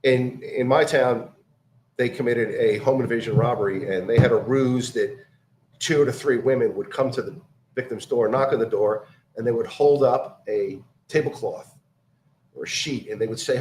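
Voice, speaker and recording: Guy telling a story, lots of ums and restarts, roomy echo, faint background hum. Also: mid-range voice. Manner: halting, many fillers and restarts, acts out quoted voices. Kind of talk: casual storytelling chat.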